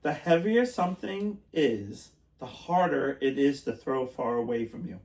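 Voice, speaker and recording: A man's voice: mid-range voice, expressive, measured pace, a little mellow. A man co-hosting a podcast in casual chat, rambling and laughing often, trailing off mid-sentence. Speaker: podcast co-host. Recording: roomy, distant mic.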